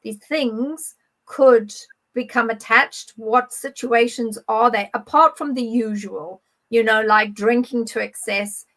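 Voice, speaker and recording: A woman's voice: a little high, takes it slowly, a bit bright, rough recording. A woman interviewing a guest over a remote call, asking long, rambling, hesitant questions. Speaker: podcast interviewer.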